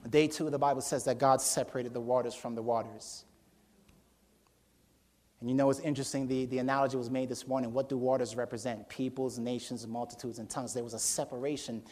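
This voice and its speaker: A man preaching a sermon as a story, acting out voices with sudden high shouts and laughter. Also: level tone, brisk.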